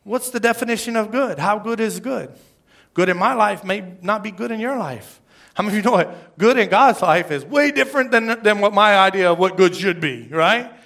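Middle-aged guy preaching in church, casual and joking at himself, bright tone. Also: sits high, expressive, fairly quick, gravelly. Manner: conversational, self-deprecating, asks the crowd "right?". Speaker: pastor. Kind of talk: sermon. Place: church service before a congregation.

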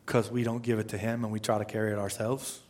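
A man preaching a sermon, with lively, conversational rhetorical questions and slow, measured scripture readings. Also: fairly low pitch. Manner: slows to a measured pace when reading scripture. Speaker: pastor.

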